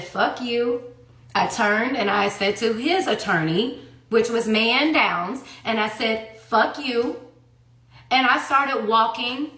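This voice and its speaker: A woman's voice: medium pitch, bright, forceful tone. Fiery woman venting in a roomy space. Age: 30s. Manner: fiery, profane, fires off rhetorical questions. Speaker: livestreamer telling her story. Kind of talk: heated personal monologue. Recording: roomy echo.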